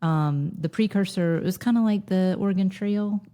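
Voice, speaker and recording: A woman in her thirties with a Lowcountry Southern accent, co-hosting a podcast and telling wry, nostalgic stories with frequent laughter. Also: moderate pace, warm tone. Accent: Southern US (Lowcountry South Carolina). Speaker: podcast co-host. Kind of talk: casual nostalgic chat.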